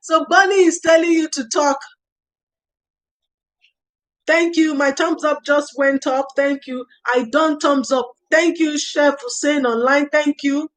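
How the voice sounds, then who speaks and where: A woman's voice: high-pitched, fairly even intonation, unhurried, rough recording. A woman hosting a casual parenting livestream, reading out viewer comments, thanking viewers by name and giving earnest advice with repeated phrases. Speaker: livestream host. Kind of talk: casual livestream talk on early years parenting.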